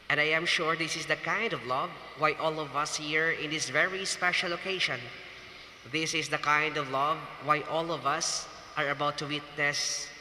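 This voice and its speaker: A man with a Filipino accent delivers a wedding homily in a slow, emphatic preaching manner. His voice sits a little high and sounds very bright. The recording carries the long reverb of a large hall. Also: a little hiss or hum. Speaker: wedding officiant. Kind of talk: wedding homily mixing English and Hiligaynon. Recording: echoey reverberant hall, distant ambience.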